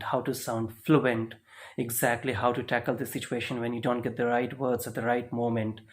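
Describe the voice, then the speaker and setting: A man teaching a spoken lesson, explaining step by step and checking in with "right?" and "okay?". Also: medium pitch. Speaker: English speaking teacher.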